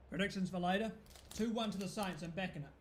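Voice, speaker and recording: A man's voice: high voice, fast talker, reverberant, slight background noise. A man with a New Zealand accent, chatting casually through a live football watch-along, rambling and swearing freely. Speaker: football fan streamer.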